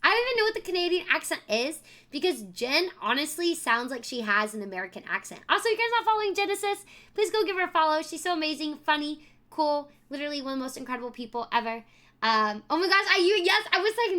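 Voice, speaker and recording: Bubbly high-voiced woman streamer. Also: lively intonation, brisk, sharp tone. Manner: bubbly, effusive, thanks chat by name. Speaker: variety streamer. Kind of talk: casual live-stream chat.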